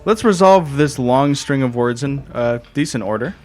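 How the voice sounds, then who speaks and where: A man's voice: medium pitch, animated, moderate pace, darkish tone. A man running a tabletop game as game master, casual and swearing freely. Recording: podcast with background music.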